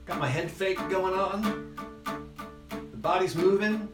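A man giving an instrument lesson, counting beats aloud in an encouraging, relaxed way while he plays. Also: high voice, slow, roomy sound, over loud music. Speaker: music teacher.

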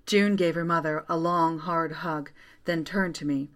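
A woman narrating a first-person story aloud in a quiet, steady way. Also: sits low, a little slow.

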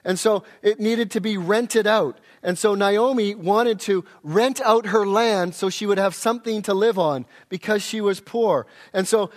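A man's voice: high-pitched, a little slow, hardly any pauses. A man preaching an expository sermon, explaining scripture and reading passages aloud. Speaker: pastor.

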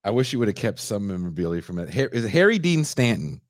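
Low-voiced man with a lively pitch. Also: quick pace, dry recording, clean studio sound. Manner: brief murmured acknowledgments. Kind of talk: casual chat.

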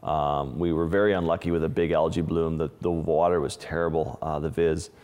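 Male underwater photographer, deep voice, casual storyteller, lingering reverb on the track. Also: steady tone, a little fast, a little mellow. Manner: casual, restarts phrases, vivid retelling. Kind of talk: interview storytelling.

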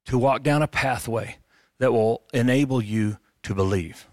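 A middle-aged man preaching a sermon as a pastor, animated and conversational, with jokes. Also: medium pitch, a little slow, no room sound, clean studio sound.

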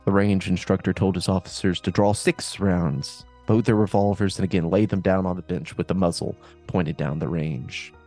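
Deep-voiced joking podcast host. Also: male voice, fairly even intonation, normal speed, few pauses, dark tone, faint music behind. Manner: reads listener stories with joking asides. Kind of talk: casual podcast storytelling.

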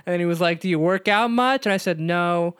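Man, high voice, deadpan, halting, dry close sound. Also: clean tone, dry recording. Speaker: player, comedy podcast co-host. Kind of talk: casual comedic banter.

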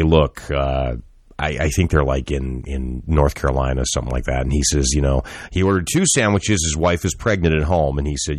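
Casting note: very deep male podcast co-host, rambling storyteller, dry close sound. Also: no room sound. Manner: rambling, laughing, acts out quotes. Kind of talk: casual chat, storytelling.

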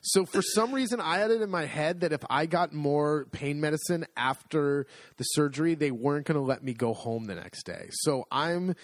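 A man's voice: a little high, normal speed, few pauses, a little hiss or hum. A middle-aged man telling a story in casual chat, acting out the dialogue and laughing as he goes. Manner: animated, acts out dialogue, laughs often.

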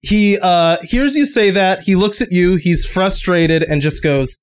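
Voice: mid-range voice, a little slow, hardly any pauses, clean tone. A game master casually narrating a tabletop game and laughing often.

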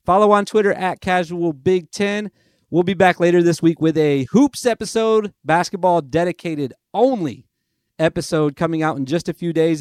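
A man's voice: fairly high pitch, normal speed, a little mellow, smooth, no echo, studio quality. A young man hosting a casual sports podcast, rambling and chatty, amusing himself as he goes. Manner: chatty, rambling, self-amused. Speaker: podcast host. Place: lives in Nashville.

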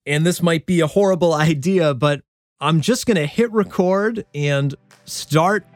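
A man hosting his own songwriting show, thinking aloud about a new song in a relaxed, self-deprecating way. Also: a little high, unhurried, dry recording. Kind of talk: casual talk about songwriting. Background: guitar playing.

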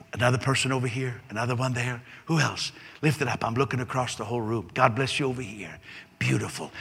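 A man's voice: mid-range voice, bright, forceful tone, husky. A man preaching a sermon as pastor, earnest and repetitive, building to a fervent prayer. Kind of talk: sermon with altar call. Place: large church hall. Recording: long echo of a large hall.

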